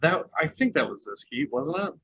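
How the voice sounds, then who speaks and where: A man's voice: on the high side, sing-song, moderate pace, bright, forceful tone, breathy edge, lo-fi sound. A man co-hosting a podcast, recapping a reality show in a chatty, casual way with lots of fillers and laughter. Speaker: podcast co-host.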